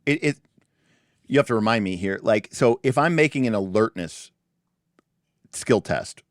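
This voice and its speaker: Man, low voice, very lively pitch, casual game livestream host, restarts and asides, dry sound. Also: a little slow, dry recording. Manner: animated, many restarts and asides. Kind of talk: casual chat reviewing a tabletop game.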